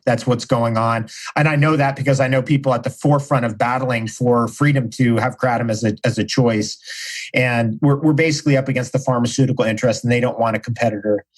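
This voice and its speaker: A man's voice: mid-range voice, rough recording. A middle-aged man, a podcast guest, telling stories in casual conversation with enthusiasm and slang.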